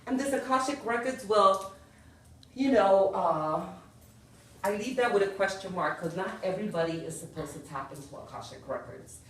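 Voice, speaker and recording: A woman's voice: mid-range voice, expressive, normal speed, a bit bright, a little hiss or hum. Echoey, distant woman giving a spiritual talk. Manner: earnest, keeps checking in with "yes?" and "you know". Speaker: spiritual teacher. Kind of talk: spiritual lecture to a group. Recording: very echoey room, far from the mic.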